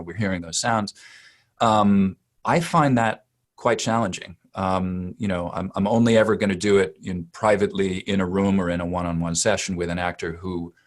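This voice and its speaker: A man, a dialect coach answering interview questions in a thoughtful, searching way. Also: sits low. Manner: thoughtful, with many fillers and restarts.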